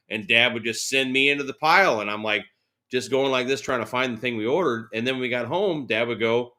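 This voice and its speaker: A man in his forties guests on an interview show, speaking briskly at medium pitch. He tells stories casually and animatedly, laughing and acting out what others said.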